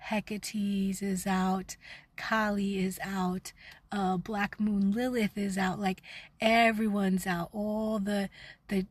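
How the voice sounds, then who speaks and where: In a dry recording, a middle-aged woman rages through a raw spiritual vlog, talking fast, swearing, and dropping to a whisper at times. Her pitch is medium.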